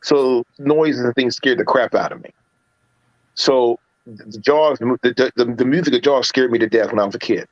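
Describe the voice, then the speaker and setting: A man's voice: medium pitch, normal speed, no echo, dull audio. A man in casual livestream chat about films, telling stories with many restarts and acting out quotes from scenes. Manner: animated storyteller, acts out movie quotes, many restarts. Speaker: podcast panelist reviewing films.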